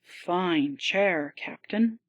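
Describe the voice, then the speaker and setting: A woman voicing a smooth Swedish sea captain. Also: fairly low pitch, drawn-out words, dry recording. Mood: calm, measured. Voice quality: smooth, calm, rolling delivery.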